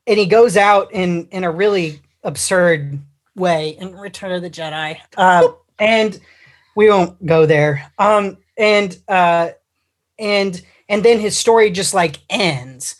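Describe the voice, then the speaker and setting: A man's voice: high-pitched, slow pace. A man talking as a guest on a casual livestream chat, rambling with lots of fillers and restarts. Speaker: guest on a fan podcast.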